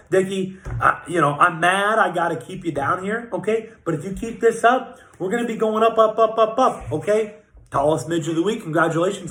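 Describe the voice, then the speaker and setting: A man's voice: high-pitched, fairly bright tone. A man giving comedic fantasy football power rankings, trash-talking teams in crude, profane language and often tagging lines with "okay?". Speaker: fantasy football league commissioner. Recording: echoey room.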